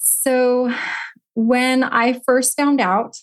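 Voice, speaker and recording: A middle-aged woman speaking as a podcast guest, her voice sitting a little high. She talks in an earnest, heartfelt way, moving from personal story into gentle coaching advice. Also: flat delivery, very slow.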